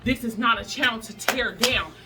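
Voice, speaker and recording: Brief: emphatic, breathless woman hosting a workout vlog, high-pitched, recorded at a distance over clear music. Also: moderate pace. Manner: sassy, preachy, emphatic, laughs often. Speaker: plus-size fitness vlogger. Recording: distant mic with music behind.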